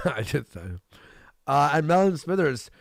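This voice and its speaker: Man, livestream host, crude and joking, gravelly voice, dry close mic. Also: a little high, lively intonation, slow pace, dry recording. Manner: crude, joking, frequent laughter. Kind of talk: casual livestream commentary.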